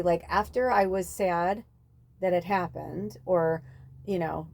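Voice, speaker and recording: Woman rambling on her spiritual podcast, lots of um and like, lowish mellow voice. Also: steady tone, unhurried, creaky. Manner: rambling, full of fillers, swears freely. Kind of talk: casual rambling monologue.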